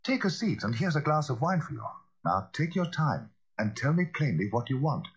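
A man voicing a startled middle-aged lawyer who talks in a brisk, questioning way. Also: a little high, very animated, slightly rough, dull audio, voice pushed up, exaggerated voice. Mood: soothing.

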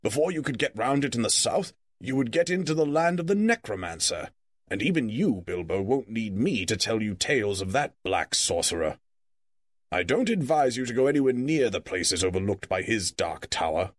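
A man reading a story aloud, voicing a brisk, teasing old wizard in a lively, raised voice. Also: medium pitch, dry recording, studio quality. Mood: cheerful.

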